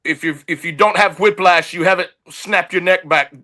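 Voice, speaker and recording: A man's voice: sits high, moderate pace, sharp tone, pitched above the performer's own voice. A man doing an impression of a pushy male stuntman who barks coaching orders, in a put-on Southern English accent. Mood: bossy. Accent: Southern English, badly put on.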